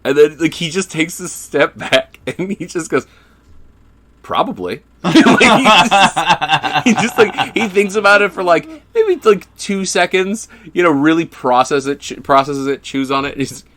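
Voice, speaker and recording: A man's voice: fairly high pitch, normal speed, a little hiss or hum. A man co-hosting a casual movie review podcast, telling scenes with lots of laughter and casual swearing. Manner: animated storytelling, laughs often, swears casually. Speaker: podcast co-host.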